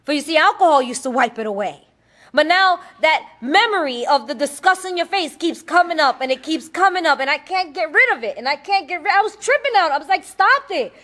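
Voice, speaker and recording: A woman's voice: high voice, animated, a little fast, a bit bright. A woman giving a blunt, streetwise personal testimony to a recovery meeting, laughing often as she talks.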